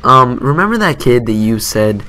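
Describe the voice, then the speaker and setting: A man's voice: mid-range voice, big pitch swings, normal speed, sharp tone. A teenage boy doing casual gameplay commentary, telling a story in a rambling, self-mocking way. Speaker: gaming commentator.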